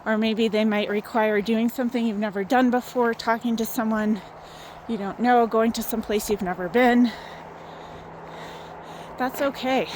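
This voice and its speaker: Woman wellness host, slightly higher voice, a bit winded, gentle encouraging pep talk on a phone outdoors, faint outdoor hum behind. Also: fairly even intonation, moderate pace, long pauses, rough recording. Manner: gentle, encouraging, guiding with questions. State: out of breath from walking. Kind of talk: motivational talk to viewers. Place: outdoors in the sun.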